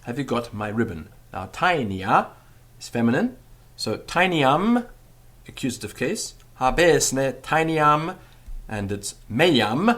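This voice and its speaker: A male teacher talks through a grammar lesson at an unhurried, deliberate pace. His voice rises and falls a lot, and he repeats each phrase slowly so it sinks in. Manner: slow, patient drilling with repeated example phrases; lively rising and falling pitch. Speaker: Latin teacher. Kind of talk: spoken language lesson.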